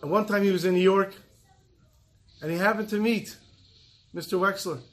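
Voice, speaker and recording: A man giving a sermon, telling a story earnestly and slowing down for emphasis. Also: sits high, fairly even intonation, soft background music.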